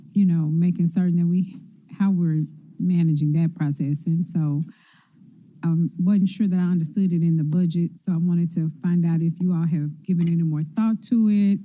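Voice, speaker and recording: Low-voiced councilwoman. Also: warm tone. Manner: folksy, conversational, with everyday examples. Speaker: city council member. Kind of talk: questioning officials at a public budget hearing. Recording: dull lo-fi meeting audio.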